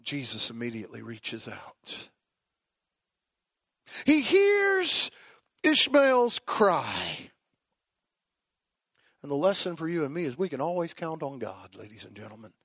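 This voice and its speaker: A male preacher delivering an emphatic sermon, swinging from quiet asides to shouted declarations. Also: medium pitch, expressive, a little fast, vocal fry, few pauses, husky, dry recording, studio quality.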